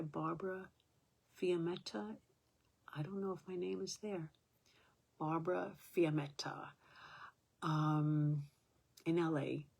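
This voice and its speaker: A woman's voice: deep voice, creaky, darkish tone, husky. An older woman at home, talking to her own camera in a rambling, aggrieved way, with many fillers. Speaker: vlogger. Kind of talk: casual talk to camera.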